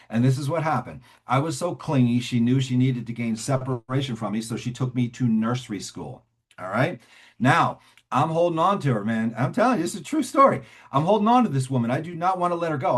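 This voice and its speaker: A middle-aged man from New Jersey speaking at a recovery meeting, telling his story conversationally and often checking in with "right?". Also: mid-range voice. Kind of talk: personal recovery talk to a meeting.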